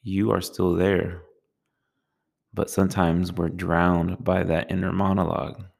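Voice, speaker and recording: A man with a low, flat voice gives a calm talk on meditation. His delivery is slow and soothing, and each phrase is measured. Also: vocal fry. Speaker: meditation teacher.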